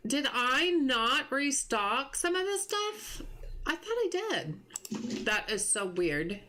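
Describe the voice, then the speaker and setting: A woman live-streaming a game in a bright, fairly high voice that swoops up and down a lot. She talks in an unhurried way, thinking aloud about the game and stopping to greet viewers by name. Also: big pitch swings, a little hiss or hum. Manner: chatty, muses aloud and greets viewers from chat. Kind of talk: casual live gameplay chatter.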